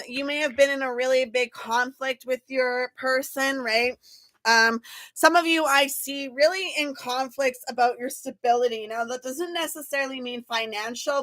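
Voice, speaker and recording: A woman reads tarot cards for her viewers in a loose, chatty way, talking plainly and swearing without a second thought. Her voice sits a little high and rings bright and forceful, recorded close and dry with no room sound. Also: no echo. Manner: chatty and blunt, checks in with "okay?" and "right?", swears freely. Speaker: tarot reader. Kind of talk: casual tarot reading to camera.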